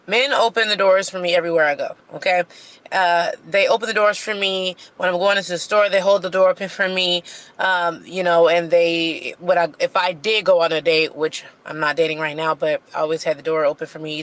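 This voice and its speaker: A woman speaking to camera in a social media clip, measured and self-assured. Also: on the low side, fairly bright tone. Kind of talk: talking to camera.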